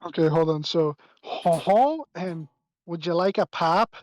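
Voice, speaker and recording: A woman's voice: lowish voice, animated, a little slow, a little mellow, no echo. A woman voicing a cheery, chatty French-Canadian man in a put-on accent during a tabletop game. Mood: folksy, welcoming. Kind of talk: tabletop role-play voice.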